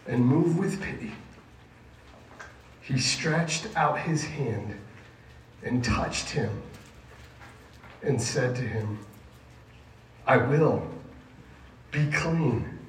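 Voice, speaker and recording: A man preaching a sermon to a junior high group, emphatic and asking the listeners questions. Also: animated, drawn-out words, long pauses, slight background noise. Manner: emphatic, asks the audience questions. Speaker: youth pastor. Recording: echoey room, mic at a distance, faint ambience.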